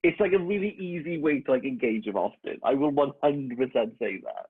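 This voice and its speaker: A man's voice: mid-range voice, big pitch swings, fairly quick, slightly rough, dry recording. A man hosting a casual chat over a video call, teasing and a little hesitant. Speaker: host. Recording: tinny, dry phone-like line.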